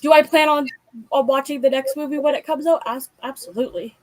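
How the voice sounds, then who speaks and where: A young woman in an easy, rambling chat about books, slipping in filler after filler. Her voice sits a little high, and the sound is close and dry, with no room around it. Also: steady tone, brisk, no echo, poor audio. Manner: rambling, heavy use of filler like. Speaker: booktube host. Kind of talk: casual chat.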